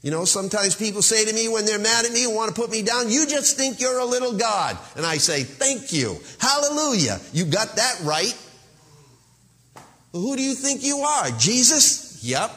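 A man imitating a boastful young male megachurch preacher who shouts fervently. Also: very high voice, animated, moderate pace, big-room sound, voice pushed up, full character voice.

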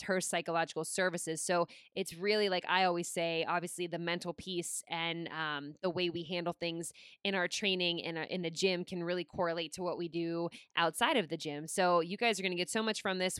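A young woman who is a podcast host and personal trainer chats casually, gushing enthusiastically and saying "like" a lot. Her voice is fairly low, clear, and resonant with a fairly bright tone, recorded dry with clean studio sound.

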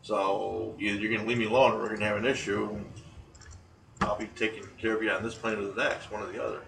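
A man casually recounting paranormal investigations, animated and quick to laugh, acting out the voices he quotes. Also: on the low side, creaky. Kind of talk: casual storytelling chat. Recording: echoey room, distant mic, faint noise.

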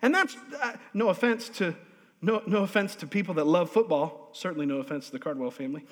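A male pastor preaching a lively, humorous sermon in a church, drawing responses from the congregation. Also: high-pitched, fast talker, crowd noise. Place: church sanctuary. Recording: long hall reverb.

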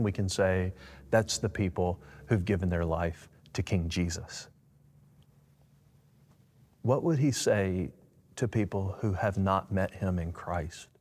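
A man's voice: deep voice, darkish tone. A man answering in a preaching style, emphatic and fervent, rising on key words. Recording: long echo.

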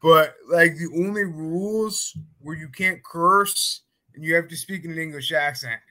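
A man's voice: on the high side, measured pace, bright, forceful tone, poor audio. A man chatting casually, telling rambling stories full of fillers. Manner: loose, rambling storytelling with many fillers. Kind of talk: casual podcast chat.

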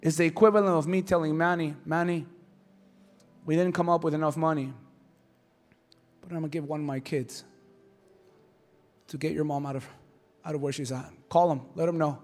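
A male pastor preaching a sermon with passion, swinging from hushed lines to shouts. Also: fairly high pitch, steady tone, normal speed, pauses often.

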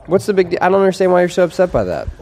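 A man's voice: high voice, big pitch swings, rapid-fire, creaky, darkish tone, slight background noise. Joking male podcast co-host. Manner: teasing, playfully defensive. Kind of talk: casual banter.

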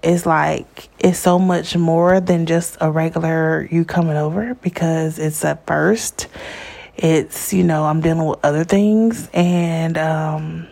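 A woman's voice: deep voice, a little slow, gravelly, darkish tone. A young woman telling a personal story in a candid, chatty way, often laughing as she talks. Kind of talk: casual storytime monologue.

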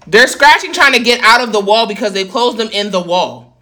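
Bright-voiced woman ranting to her viewers. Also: a little high, fairly quick. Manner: animated, profane, talks straight to viewers as "y'all". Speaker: vlogger. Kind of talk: casual storytime rant. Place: echoey home office.

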